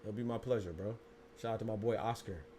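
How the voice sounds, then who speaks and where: Lively man hosting a boxing podcast. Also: lowish voice, fast, slight background noise. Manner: animated, slangy, talks to chat viewers. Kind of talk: casual livestream commentary.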